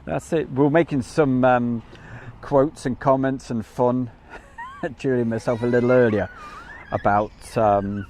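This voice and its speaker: A man's voice: medium pitch, measured pace, a little mellow, a little hiss or hum. A man with an English Midlands accent hosting a live stream, chatting in a rambling, self-deprecating way. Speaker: livestream host. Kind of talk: casual live commentary.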